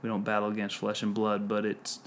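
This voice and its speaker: A man's voice: fairly low pitch, completely flat delivery, a little fast, slight background noise. A man chatting casually on a podcast, telling a self-mocking story and often laughing at himself. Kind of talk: casual chat.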